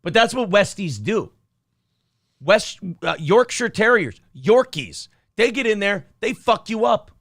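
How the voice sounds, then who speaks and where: A man's voice: high voice, very animated, a little slow, fairly bright tone, dry recording, studio quality. A man co-hosting a comedy news show, riffing sarcastically with mocking asides. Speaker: podcast co-host.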